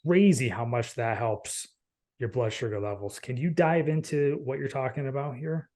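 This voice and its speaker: Male podcast host, mid-pitch, casual and animated, chatty interviewer. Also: normal speed. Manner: animated, laughs easily, uses many fillers.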